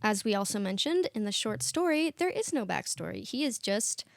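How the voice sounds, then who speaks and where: A woman co-hosting a podcast in casual chat, animated and often laughing. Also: mid-range voice, normal speed, gravelly, dry recording, studio quality. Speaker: podcast co-host.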